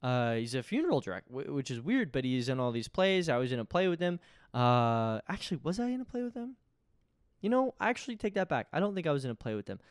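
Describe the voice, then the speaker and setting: A man's voice: mid-range voice, sing-song, quick pace, clear, resonant tone, no echo, clean studio sound. A man, hosting a podcast in a rambling, self-interrupting comedic monologue. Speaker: podcast host.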